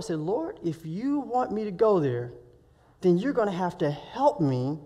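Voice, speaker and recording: A man speaking at a week of prayer, telling a personal story in a sermon and acting out the dialogue with lively swings of voice. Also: high voice. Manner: animated, acts out dialogue in his story. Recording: reverberant hall.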